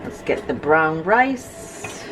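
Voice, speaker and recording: A woman's voice: low voice, expressive, extremely slow, background noise. A woman who moved to the US as a teenager, chatting playfully at home with her family for a vlog and laughing often. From abroad, moved to the US at about sixteen. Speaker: vlogger and mother. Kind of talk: casual family vlog chat. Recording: clear background music under the voice.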